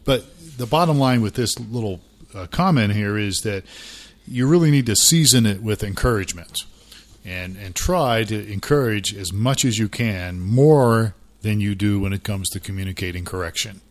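A man's voice: fairly low pitch, normal speed. A middle-aged man co-hosting a casual podcast about church life, chatty and self-deprecating. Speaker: podcast co-host.

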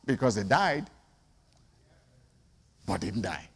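A man preaching a sermon, firing off rhetorical questions and swinging between loud outbursts and quiet asides. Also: fairly low pitch, very animated, slow pace, slightly rough, big-room sound.

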